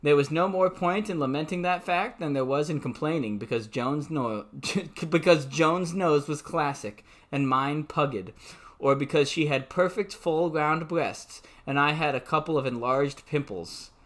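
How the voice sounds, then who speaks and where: A man's voice: fairly high pitch, unhurried, fairly bright tone. Amateur male reader, mocking, sarcastic, prone to swearing. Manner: sarcastic, swearing asides that break off the reading. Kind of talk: mocking dramatic reading.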